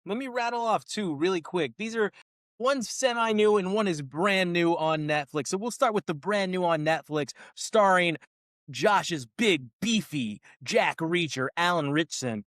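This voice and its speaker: A man's voice: high-pitched, a little slow, a bit bright, no room sound, clean studio sound. A man co-hosting a podcast, ranting in casual chat about a film he found silly, with exasperated asides. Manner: ranting, exasperated, quotes lines in mocking voices. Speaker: podcast co-host. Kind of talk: casual movie review chat.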